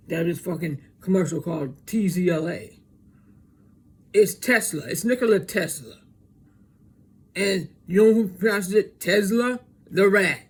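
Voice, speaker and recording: Husky-voiced man ranting as podcast host. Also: a little high. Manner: profane, conspiratorial, halting with restarts. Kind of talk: rambling solo monologue.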